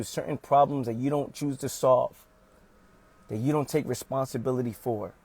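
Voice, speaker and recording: A man's voice: medium pitch, darkish tone, dry recording. A man giving a motivational talk on a livestream, speaking emphatically, repeating his points and calling his listeners "fam".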